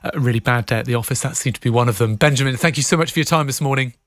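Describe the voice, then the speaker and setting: Brisk, teasing male radio presenter. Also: medium pitch. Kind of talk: casual on-air chat. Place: radio studio.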